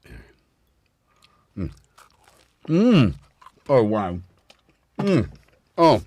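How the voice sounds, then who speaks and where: A man's voice: fairly low pitch, big pitch swings, normal speed, a little hiss or hum. A man hosting a casual home livestream, chatting in a rambling way and tripping over his words. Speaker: livestream host. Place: room at home. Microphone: desk mic with headphones.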